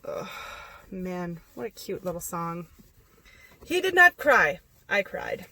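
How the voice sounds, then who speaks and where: A woman's voice: lowish voice, big pitch swings, slow pace, sharp tone. A woman in her twenties, chatty and self-mocking, telling a casual story about her own life for a vlog. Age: 20s. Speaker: vlogger.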